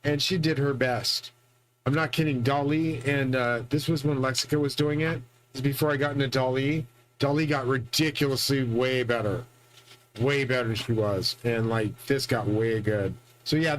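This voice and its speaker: A man's voice: mid-range voice, normal speed, low-quality recording. A man hosting his own channel, talking in a boastful, profane, rambling solo monologue full of restarts. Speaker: channel host.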